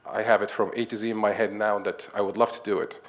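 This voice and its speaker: A man with a low voice talks through a conference presentation as a run of anecdotes. He is chatty and laughs easily, and he slips into the voices of the people he quotes. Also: level tone, fast. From Egypt. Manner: chatty, acts out quoted dialogue, chuckles often. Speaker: conference speaker, nonprofit founder. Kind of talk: conference talk, anecdotal storytelling.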